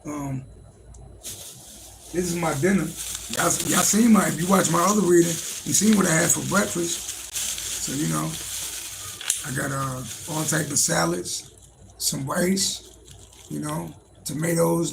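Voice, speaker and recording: A man hosts a casual livestream, riffing and swearing freely as he answers his chat. His voice sits a little high and carries a gravelly fry. A faint room ambience hums behind him. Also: noisy background. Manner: loose, profane, joking, talks to chat. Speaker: livestream host, tarot reader.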